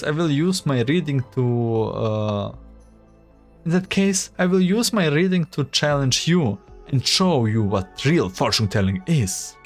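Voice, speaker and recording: A man's voice: on the high side, voice pushed up, exaggerated voice. A man voicing a probing, intense female fortune teller who scolds and lectures in a raised voice. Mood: defiant.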